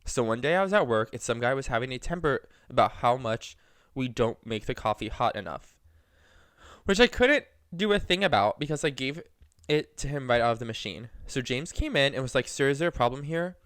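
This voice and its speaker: Smooth-voiced young man reading posts aloud. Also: mid-range voice, fairly quick, dry recording, studio quality. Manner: animated, laughing storyteller, acts out quoted voices. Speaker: podcast co-host. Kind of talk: casual podcast chat, reading posts aloud.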